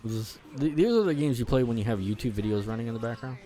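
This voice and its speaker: A man's voice: mid-range voice, expressive, fast talker, mellow. A man giving casual gameplay commentary, rambling with lots of fillers and restarts and swearing freely as he rants. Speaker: gaming channel host.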